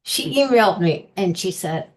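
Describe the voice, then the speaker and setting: Woman, low voice, chatty storyteller, laughs easily, interview guest. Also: expressive, normal speed. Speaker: guest author. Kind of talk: casual interview chat.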